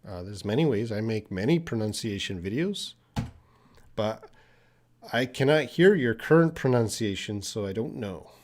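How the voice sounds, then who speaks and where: A man teaching English on a live stream, answering viewer questions and explaining with many pauses and fillers. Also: lowish voice, expressive, darkish tone.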